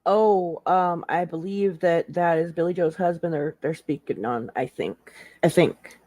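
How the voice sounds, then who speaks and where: A woman's voice: on the low side, unhurried, dark tone, dry recording. A woman guest on a live stream panel, talking casually in a slangy way, full of "like" and filler. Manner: chatty, slangy, lots of "like" and "hella".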